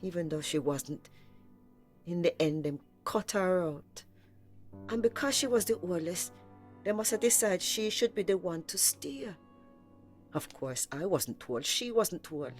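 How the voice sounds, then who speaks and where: An actress playing an ageing mother with early dementia, who scolds sternly and recalls the past slowly. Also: lowish voice, animated. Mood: reminiscing. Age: older. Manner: stern, scolding, then slow and reminiscing. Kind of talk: radio drama acting. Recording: studio audio drama with soft music.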